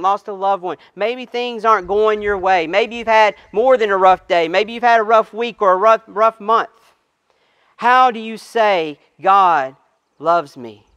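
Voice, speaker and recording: A pastor preaching outdoors to a congregation in their cars, reading scripture and then stressing key phrases slowly and with repetition. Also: male voice, high voice, a bit bright, smooth, dry recording, lo-fi sound. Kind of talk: sermon. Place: outdoor drive-in service to people in cars.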